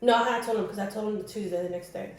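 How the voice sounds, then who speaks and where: A woman chats casually as a podcast co-host, telling a personal story and mixing English and Spanish as she goes. Her voice sits at a middle pitch. It is recorded in a very echoey room. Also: fairly even intonation, rapid-fire, recorded from a distance. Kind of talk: casual chat.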